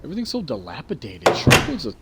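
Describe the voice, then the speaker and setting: A man's voice: medium pitch, wildly swooping pitch, fast, very noisy. Joking man reading game dialogue aloud. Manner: reads dialogue choices aloud and jokes. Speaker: gaming YouTuber. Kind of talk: casual gameplay commentary.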